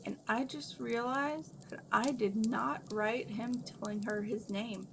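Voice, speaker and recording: A woman's voice: on the high side, fairly even intonation, slow pace, gravelly, a little hiss or hum, low-quality recording. A woman reading her own story aloud in a casual way, correcting herself and adding asides. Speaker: fanfiction reader.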